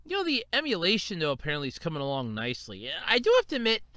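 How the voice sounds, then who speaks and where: A man talks by himself on his podcast, his voice high and bright and swinging all over the place. He rants freely, swears, and slips into little voices to act out what other people said. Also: very fast, no room sound. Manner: animated, swearing, gushing, acts out quotes. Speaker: podcast host. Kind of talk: solo casual podcast rant.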